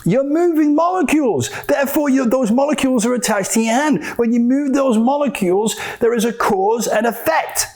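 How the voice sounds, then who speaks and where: A man hosting a solo spiritual talk, arguing both sides with himself in an animated way. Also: extremely high pitch, normal speed, hardly any pauses, crowd noise. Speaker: podcast host.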